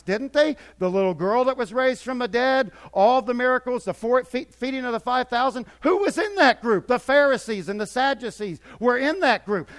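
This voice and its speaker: High-voiced older pastor preaching. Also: male voice. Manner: swings between quiet and emphatic, repeats words for effect. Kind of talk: sermon.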